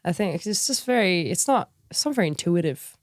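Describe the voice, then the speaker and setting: Young Australian woman, low-ish pitch, chatty, dry close mic, laughs easily. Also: animated, a little fast, no echo. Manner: chatty, many "like" fillers, laughs often. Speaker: guest musician. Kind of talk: casual podcast chat.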